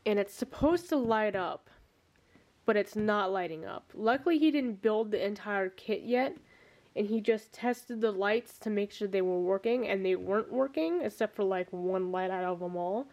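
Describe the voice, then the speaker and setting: A young woman vlogging at home, talking straight to her handheld camera in a loose, rambling way. She is a bit out of breath and keeps restarting her sentences and filling the gaps with "um" and "like". Her pitch sits in a middle range, neither high nor low. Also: normal speed, a little mellow. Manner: rambling, chatty, many restarts and fillers. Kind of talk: casual vlog chat. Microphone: handheld camera mic.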